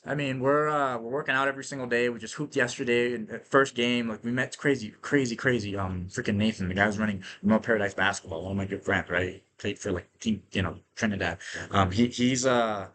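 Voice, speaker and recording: A man hosting a podcast, telling stories in an energetic, casual monologue that is full of profanity and tag questions like "right?". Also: medium pitch, a little hiss or hum. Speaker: podcast host.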